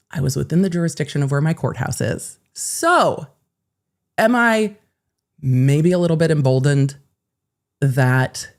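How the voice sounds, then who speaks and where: A woman lawyer hosting a legal commentary show, telling a story in a sarcastic, animated, profane way. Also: extremely low pitch.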